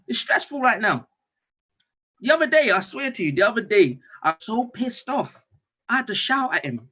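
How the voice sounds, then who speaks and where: A man with speech, doing a stand-up comedy monologue in an animated way, with loud outbursts and swearing. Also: high voice, normal speed, husky. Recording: dull lo-fi stream audio.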